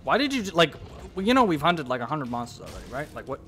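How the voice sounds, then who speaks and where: A young man giving casual let's-play commentary, swearing and talking back to the monster, with sudden yells. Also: on the high side, big pitch swings, quick pace. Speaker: gameplay commentator.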